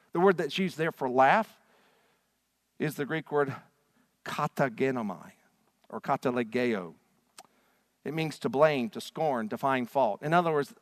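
A man's voice: fairly high pitch, no echo. Dramatic preaching man, twang. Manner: dramatic preaching, swinging from loud to hushed. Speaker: pastor. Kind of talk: sermon.

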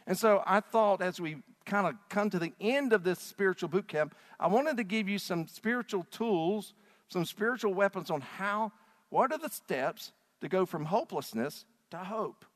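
A man preaches with fervent, animated delivery, his voice sitting fairly high and swooping widely in pitch. He moves between loud appeals and hushed, intimate passages. The sound carries a long hall reverb. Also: moderate pace. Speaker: pastor. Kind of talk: sermon.

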